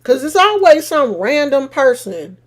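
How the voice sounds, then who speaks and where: High-voiced lady on a live stream, sassy and teasing, laughs loud. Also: sing-song, a little slow. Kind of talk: casual live-stream chat.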